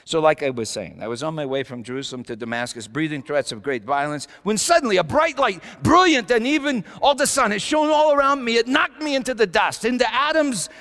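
A man's voice: animated, a little fast, few pauses, big-room sound. A man playing a fiery, repentant Paul. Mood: fervent. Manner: swings from low murmurs to shouted peaks; stammering restarts and repeated words. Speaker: church speaker in character. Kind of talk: dramatic first-person sermon monologue.

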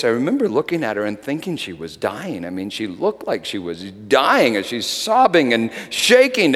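A middle-aged man preaching a sermon, moving between loud shouted lines and quiet whispers. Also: medium pitch, big pitch swings, moderate pace, hardly any pauses. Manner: dramatic swings from shouting to hushed whispers. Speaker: pastor. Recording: long hall reverb.

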